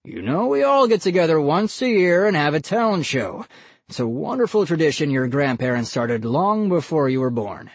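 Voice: medium pitch, very animated, normal speed, husky, no echo. A reader voicing a big, tired father who firmly herds his sons in an audiobook. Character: big gruff weary father. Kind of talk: audiobook character voice.

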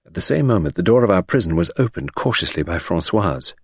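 A man reading an audiobook narration in a measured, expressive way. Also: sits low, husky, no room sound, studio quality.

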